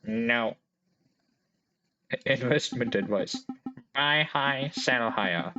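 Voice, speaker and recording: A man's voice: medium pitch, bright, forceful tone, lo-fi sound. A man putting on Breadbot, a pompous robot. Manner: grand, slow, solemn robot pronouncements.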